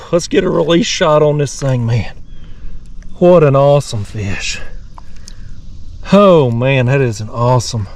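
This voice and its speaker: A man talks to his viewers from a kayak on the water, excitable and folksy, sprinkling in "y'all" and easy laughter. His voice sits a touch high, and the outdoor camera mic catches him from a little way off. Faint background noise runs underneath. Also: creaky, recorded from a distance. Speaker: fishing channel host. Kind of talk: excited outdoor vlog commentary.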